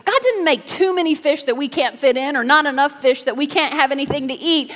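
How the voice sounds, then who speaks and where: A woman's voice: high-pitched, fairly quick, a bit bright. A woman preacher giving a sermon in a church, telling Bible stories with playful jokes and call-and-response to the audience. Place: church sanctuary. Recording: long reverb of a large church hall.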